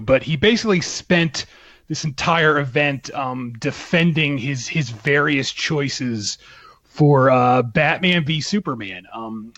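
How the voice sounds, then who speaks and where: A man's voice: fairly high pitch, fairly bright tone, dry recording, highs cut off. A man co-hosting a casual podcast, chatty and laughing often, with lots of fillers. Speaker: podcast co-host.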